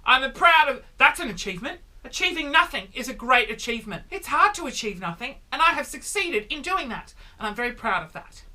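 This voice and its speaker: A man in his thirties delivering a comedic vlog monologue, animated and exaggerated, with sudden loud exclamations. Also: very high voice, fairly quick, few pauses. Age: 30s. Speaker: vlogger.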